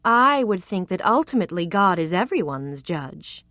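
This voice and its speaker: A young gentleman speaks with cautious, stuffy propriety and a hint of fluster, as a woman voices him. The sound is dry and close, at a mid pitch. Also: animated, normal speed, dry recording, close to an everyday voice.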